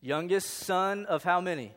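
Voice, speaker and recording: A man's voice: sits high, measured pace, a bit bright. A man giving a casual Bible lesson to a group, joking and quizzing his listeners as he reads scripture aloud. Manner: joking, conversational, quizzes the audience. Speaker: Bible teacher. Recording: long hall reverb.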